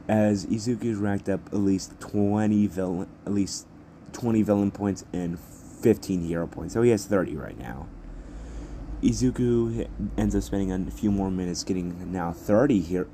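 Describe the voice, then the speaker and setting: A man's voice: deep voice, warm tone, a little hiss or hum. A young man improvising a fan story as narrator, rambling and correcting himself as he goes.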